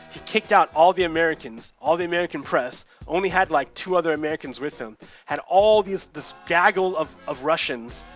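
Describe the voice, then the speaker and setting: A man's voice: a little high, fairly bright tone. A man hosting a gaming video, ranting heatedly about politics with lots of swearing and repetition. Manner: heated, profane, repeats himself. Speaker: let's play host. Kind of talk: casual political rant while gaming.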